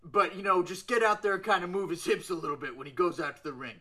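A man improvising deadpan in a comedy interview, at times slipping into a loud, boastful promo voice. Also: sits high, fast talker.

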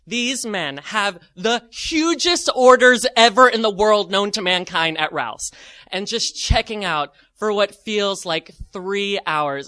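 A man telling a comic personal anecdote, animated and self-mocking, with lots of "like" fillers. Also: sits high, moderate pace, no room sound. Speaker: storyteller.

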